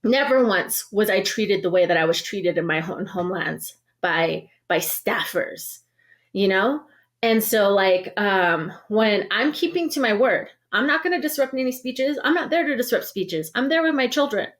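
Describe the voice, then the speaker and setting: A woman's voice: mid-range voice, normal speed. Woman organizer telling her story, full of "like"s. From Navajo Nation. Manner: heavy use of "like" and restarts, animated storytelling. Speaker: organizer, podcast guest. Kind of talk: casual spoken recounting of an experience.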